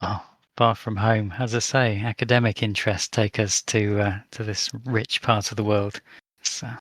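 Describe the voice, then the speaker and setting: A man's voice: lowish voice, level tone, normal speed, a bit bright, no echo. A man playing an investigator character in a tabletop game, polite and hesitant with frequent fillers. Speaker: player.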